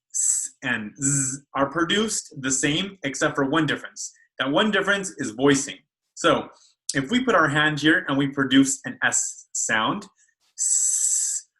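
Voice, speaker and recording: A man's voice: on the high side, pushed and bright, poor audio. A man speech therapist teaching children how to make speech sounds in a video lesson, carefully modeling each sound. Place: school.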